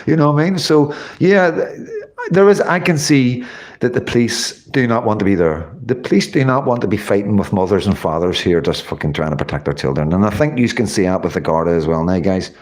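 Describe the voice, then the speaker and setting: A man's voice: on the low side, lively intonation, fairly quick, darkish tone. Man, Northern Irish accent, middle-aged, casual livestream talk, rambling, frequent swearing. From Northern Ireland. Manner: rambling, swears often, many fillers.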